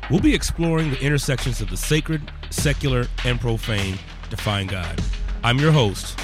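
A man's voice: mid-range voice, moderate pace, over music. A man hosting a podcast in a laid-back, slangy chat, often laughing as he talks. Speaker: podcast host.

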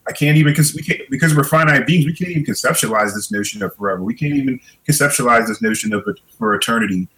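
A middle-aged man with a mid-range voice, thinking aloud in a podcast chat. He circles back and restarts his phrases as he works through an idea, in an unhurried, conversational way. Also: mid-range voice, a bit bright, poor audio. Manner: reflective, repeats words while thinking. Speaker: podcast guest.

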